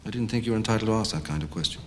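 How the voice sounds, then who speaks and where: Man acting as formal interview candidate, low voice, guarded tone. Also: very fast, darkish tone, a little hiss or hum, natural voice. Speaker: candidate for head teacher at an interview. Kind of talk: television drama acting.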